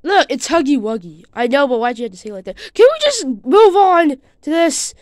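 A high, very lively female voice narrating a toy adventure for her channel. She is excitable and swings her pitch up and down, arguing back and forth as if with a friend. The talk is loose, playful and unscripted. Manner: excitable, bickering with itself, quick changes of voice. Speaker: channel host.

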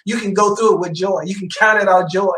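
A man's voice: sits high, fairly even intonation, fairly quick, a bit bright. A middle-aged man, a church elder, preaching a sermon and telling his own testimony, repeating phrases for emphasis. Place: church sanctuary. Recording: roomy church echo.

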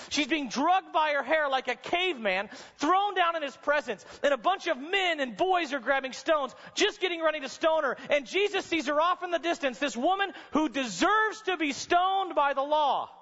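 A man preaching a sermon to college students, telling stories dramatically and sometimes rising to a shout. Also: extremely high pitch. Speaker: chapel speaker. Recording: dull sound with long hall reverb.

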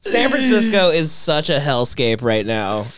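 High, animated comedy podcast host. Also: male voice, a little slow. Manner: crude, riffing, laughing often. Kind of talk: casual comedy chat.

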